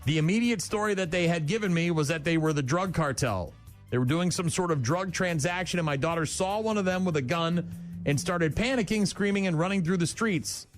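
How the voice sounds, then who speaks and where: A man's voice: a little high, brisk, soft background music. A man hosting a morning radio show, reading news stories and ranting bluntly with scorn at the people in them.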